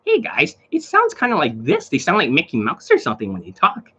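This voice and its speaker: A man mimicking a squeaky screechy young guy. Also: huge pitch swings, fairly quick, sharp tone, breathy edge, exaggerated voice. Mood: mocking. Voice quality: screechy, feminine-sounding. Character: squeaky high-voiced effeminate young man.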